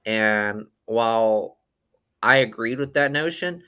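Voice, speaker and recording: A man's voice: mid-range voice, slow, pushed and bright, clear, resonant tone. A man co-hosting a casual movie podcast, talking loosely, restarting his sentences and swearing casually. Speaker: podcast co-host.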